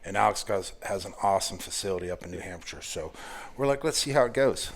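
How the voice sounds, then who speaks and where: A man's voice: low-pitched, fast talker, slight background noise. Laughing, profane American storyteller man. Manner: animated, profane storyteller who laughs through punchlines. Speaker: guest firearms instructor. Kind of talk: casual storytelling chat.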